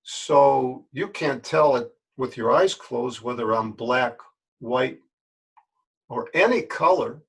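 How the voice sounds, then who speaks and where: A man's voice: medium pitch, slow, vocal fry, a bit bright, husky. An older man, a yoga teacher, talking straight to his listeners in a folksy, earnest way and repeating words for emphasis. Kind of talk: spoken address to camera.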